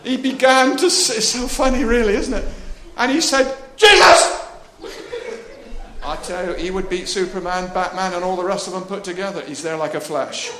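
A man's voice: high-pitched, fairly quick, hardly any pauses, background noise. A man preaching a chatty, jokey sermon, laughing often and acting out the voices in the story. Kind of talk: lively sermon. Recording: echoey room with faint ambience.

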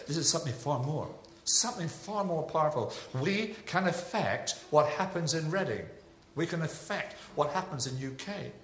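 A man from Devon, preaching a sermon in a chatty, anecdotal way with animated rises. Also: medium pitch. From England (Devon). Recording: echoey hall with faint ambience.

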